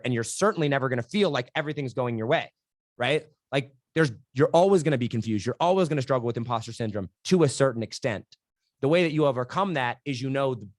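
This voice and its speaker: A man's voice: medium pitch, no echo, studio quality. A young adult man speaking as a podcast guest, telling stories energetically with frequent "like" and "right?". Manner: energetic, animated storytelling with many "like" and "right?". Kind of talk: candid interview conversation.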